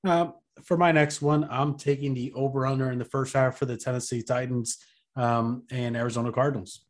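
A man's voice: medium pitch, level tone, a little fast. A man co-hosting a casual sports betting chat, laid-back and rambling as he explains his reasoning. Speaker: podcast co-host.

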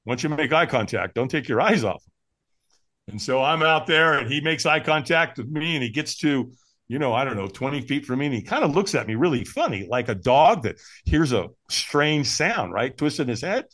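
As a guest on a podcast, a man with a mid-range voice recounts a personal story at a normal speed. His telling is lively and casual, and he performs the voices of anyone he quotes.

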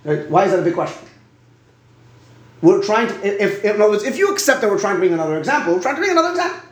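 A man's voice: high voice, animated, quick pace, echoey room. A man teaching a Talmud lesson. He stops and starts, repeats words and often asks "right?".

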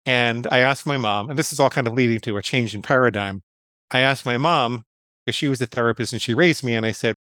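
A man's voice: medium pitch, brisk, fairly bright tone, dry recording. A man, a psychologist guest, telling a personal story in an interview in a candid, self-deprecating way, acting out the voices in his head.

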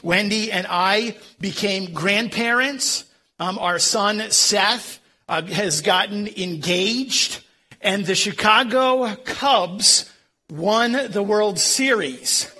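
Pastor with a Philadelphia accent, a man in his fifties, high, bright voice, homespun and self-mocking in the pulpit. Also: slow. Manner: folksy, self-deprecating humor with frequent um and uh. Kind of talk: sermon.

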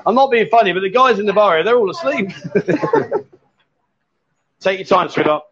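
A man's voice: high voice, animated, moderate pace, a bit bright, muffled recording. A man hosting a casual live stream from a bar, cheerfully coaching women at a pool table and calling them sweetheart and darling. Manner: cheery, coaxing, says "sweetheart" and "darling" a lot. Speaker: host.

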